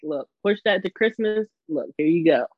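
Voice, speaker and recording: A woman's voice: lowish voice, expressive, normal speed, no echo, muffled recording. A young adult woman co-hosting a podcast, chatting effusively with a guest, laughing often and acting out what people said. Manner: chatty and effusive, frequent laughs and quoted asides. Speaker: podcast co-host. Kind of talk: casual podcast chat.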